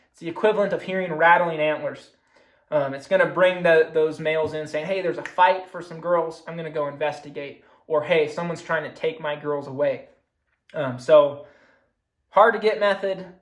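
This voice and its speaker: A young man giving a casual recorded talk on hunting, explaining his methods as he demonstrates them. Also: a little high. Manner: casual, explains with hands-on calling demos. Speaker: hunting presenter. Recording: echoey room.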